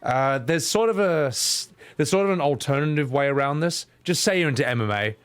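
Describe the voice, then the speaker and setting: Animated, swearing gaming streamer man. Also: on the high side, fairly quick, smooth. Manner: animated, profane, slips into mock voices. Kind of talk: casual gaming commentary.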